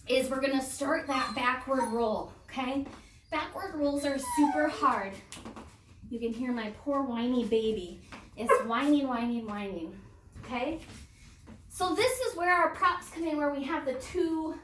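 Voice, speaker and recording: A woman's voice: sits high, a bit bright, a little hiss or hum. A young woman coaching a beginner kids' gymnastics class, talking patiently and checking in with "okay?" after each step. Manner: patient, ends phrases with "okay?". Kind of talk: instructional demonstration for kids. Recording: echoey gym from far off.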